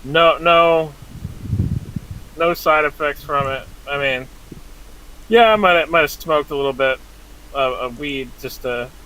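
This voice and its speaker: A man with a bright, slightly raised voice who hosts a casual group chat over a call. He talks bluntly, swears freely and teases the others. Faint noise sits behind him. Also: fairly high pitch, takes it slowly, long pauses, poor audio.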